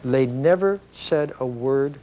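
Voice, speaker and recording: A middle-aged man giving an educational video lecture, explaining ideas in a conversational, animated storytelling way with frequent tag questions. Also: medium pitch, takes it slowly, a little hiss or hum.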